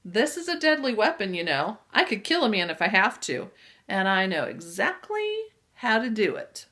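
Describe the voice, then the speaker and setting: A woman's voice: medium pitch, sing-song, normal speed, sharp tone. A woman voicing a brash, boastful boy twin who talks eagerly in a storybook reading.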